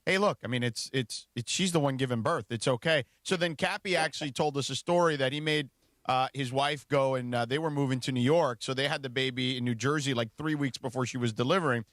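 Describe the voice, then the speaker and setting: A man's voice: medium pitch, a little fast, a bit bright, no echo, studio quality. A man co-hosting a radio show in casual, conversational chat. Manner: conversational, with fillers. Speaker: radio co-host.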